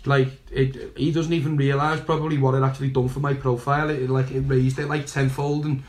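A man's voice: medium pitch, little pitch movement, a little fast, a little mellow, roomy sound. A young man telling a story in casual, rambling fashion, swearing and laughing along the way. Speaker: guest.

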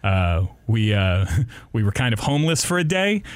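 A man's voice: on the low side, normal speed, no room sound. A young man, a radio host, telling a story on a casual podcast, laughing often and acting out the people in it. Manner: laughing often, animated retelling with voices.

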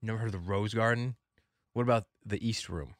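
Lowish laughing male podcast co-host. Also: fairly quick, dry recording, studio quality. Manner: joking, laughs often, stammering restarts. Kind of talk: casual banter.

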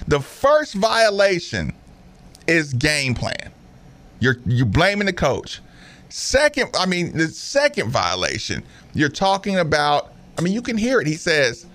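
A man hosting a basketball podcast, talking in an animated, emphatic way, repeating himself and mimicking players. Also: a little high, a little slow. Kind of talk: casual opinionated commentary.

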